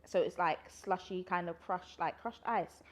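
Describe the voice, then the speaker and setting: Chatty young woman, slightly low voice. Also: a little slow, a little hiss or hum. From London, UK. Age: 20s. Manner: chatty, rambling, laughs often. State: a little out of breath. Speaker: vlogger. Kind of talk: casual pregnancy Q&A vlog.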